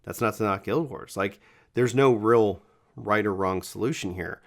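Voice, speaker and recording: A man's voice: on the low side, moderate pace, creaky. A gaming video creator talking casually to his viewers, rambling and self-correcting with enthusiasm, his voice cracking now and then. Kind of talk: casual talk to camera.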